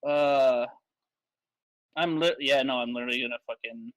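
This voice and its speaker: A man playing a tabletop role-playing game, excitable and quick to swear, with frustrated outbursts. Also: medium pitch, no echo. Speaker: player.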